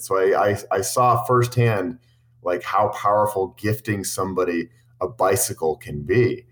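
A man's voice: sits low, a little slow, fairly bright tone. Earnest man telling travel stories. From Boulder, Colorado. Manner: earnest, enthusiastic, rambling with restarts. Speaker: cycling content creator. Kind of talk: storytelling interview answers.

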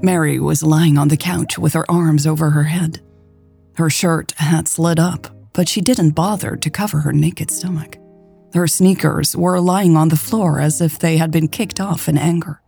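A woman narrating a romance story in a calm, even storytelling voice. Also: deep voice, unhurried, gravelly, breathy edge, faint music behind. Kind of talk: scripted audiobook narration.

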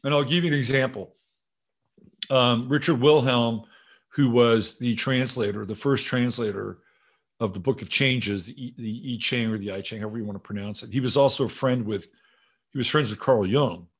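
Male livestream host, mid-pitched, casual and profane, rambling while reading chat. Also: moderate pace, husky. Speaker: show host. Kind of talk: livestream talk reading viewer comments.

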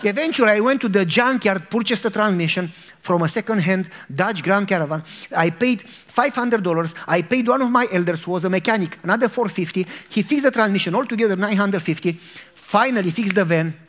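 With a high voice and a brisk delivery, a middle-aged pastor from Romania turns a sermon into a funny personal anecdote. He acts out his frustration, laughing and full of animation.

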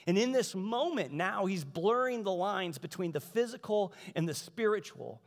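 A man preaching a sermon in a conversational, animated way, acting out the voices of the people in the story. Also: high voice, moderate pace. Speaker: pastor. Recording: large hall reverb.

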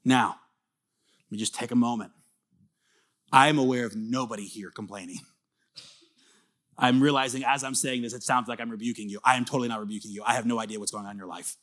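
Earnest pastor preaching conversationally. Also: male voice, mid-range voice, steady tone, fast, long pauses. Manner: rises to emphatic bursts, drops to soft confiding tones. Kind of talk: sermon.

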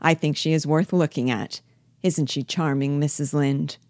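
A woman reading the part of a fussy, patronizing husband in a low, dry voice, lecturing and pleased with himself. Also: fairly even intonation, moderate pace, darkish tone, no echo, lightly acted. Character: self-satisfied husband, a man, fussy and patronizing. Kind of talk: reading a play aloud.

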